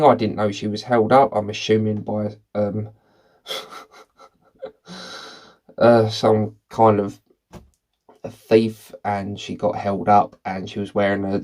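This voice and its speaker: A man reading movie quiz questions aloud and thinking out loud about the answers in a casual, rambling way. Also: on the low side. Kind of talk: casual commentary while taking a quiz.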